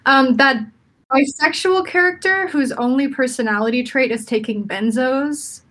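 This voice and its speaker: A woman's voice: high voice, normal speed, fairly bright tone. A young woman in casual chat, chatty and opinionated, laughing often as she talks.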